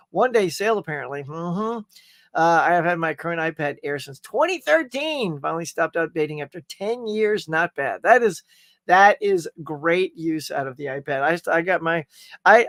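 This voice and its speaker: A man's voice: sits high, fairly bright tone, no echo, clean studio sound. A man hosting a live morning pop-culture stream, rambling casually, joking and reading viewer comments aloud.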